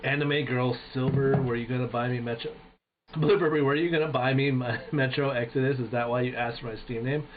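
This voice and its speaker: A man's voice: medium pitch, a little fast. A man streaming and casually telling anecdotes, swearing often and acting out the people in his stories. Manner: profane, animated, acts out voices in anecdotes. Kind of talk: casual storytelling chat. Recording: tinny phone-like sound with faint noise.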